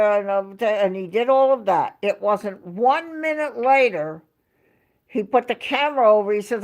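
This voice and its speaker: A woman hosts a casual livestream from home, telling a rambling story in an animated, medium-pitched voice at an unhurried pace. Chatty throughout, she talks to her chat and reads out their names.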